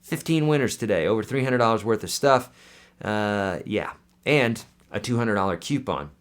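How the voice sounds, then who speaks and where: A man's voice: fairly low pitch, lively intonation, moderate pace. A man hosting a casual live Q&A as a guitar teacher, chatty and friendly, with lots of fillers and restarts.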